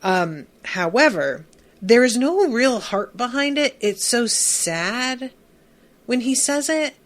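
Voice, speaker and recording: A woman's voice: fairly high pitch, animated, slow pace. A woman hosting a podcast, recapping a TV episode in a casual, gushing, emphatic way with lots of fillers. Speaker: podcast host.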